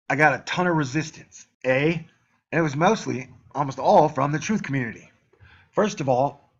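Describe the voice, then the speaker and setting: A man's voice: on the high side, fairly bright tone, lo-fi sound. A man ranting on his own channel, heated and profane, sometimes mocking the voices of his critics. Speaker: YouTube channel host. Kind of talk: angry solo rant to camera.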